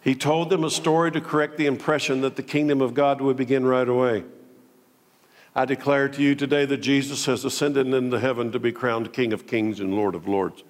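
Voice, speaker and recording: Dramatic preacher in a reverberant hall. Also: male voice, steady tone, a little fast. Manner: dramatic, swings between loud declaiming and low intimate tones. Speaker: pastor. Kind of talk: sermon.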